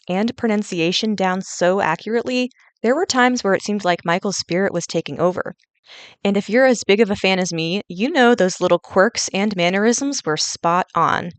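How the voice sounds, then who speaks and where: A woman's voice: on the low side, dry recording. A young woman reading a scripted fan review as a voice-over into a gaming headset, earnest and detailed.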